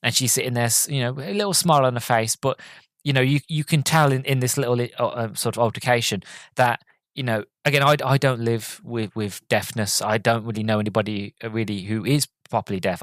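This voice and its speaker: On his podcast, a man reviews a film in a casual, earnest, rambling way, openly moved and growing sentimental until he stumbles over and repeats words. His voice is mid-range with a fairly bright tone, and there's no echo.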